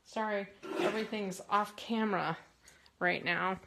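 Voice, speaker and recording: Slow, chatty woman crafting at home. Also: mid-range voice, creaky, background noise. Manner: chatty, rambling, excitable. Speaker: card-making host. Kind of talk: casual crafting tutorial.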